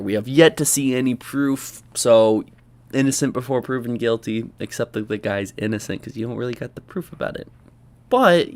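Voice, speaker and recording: Animated young man reacting loudly. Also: mid-range voice. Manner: animated, exclaiming, sarcastic asides. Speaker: commentary host. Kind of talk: reaction commentary.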